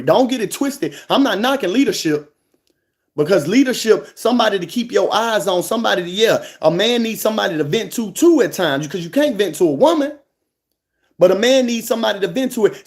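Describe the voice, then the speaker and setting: A man's voice: high voice, animated, fairly quick. A man giving an emphatic, preachy monologue to a live audience, repeating lines for stress.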